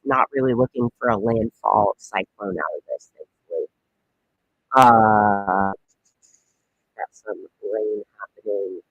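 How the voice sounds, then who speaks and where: A man's voice: mid-range voice, dull audio. Rambling man hosting weather stream. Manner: rambling, joking, many fillers. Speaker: comedic weather livestream host. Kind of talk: casual livestream weather commentary.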